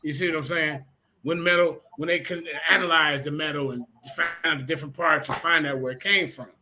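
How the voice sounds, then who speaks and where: A man hosting a heated online debate show, talking like a preacher and addressing "ladies and gentlemen". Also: on the high side, steady tone, brisk, noisy background. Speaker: show host.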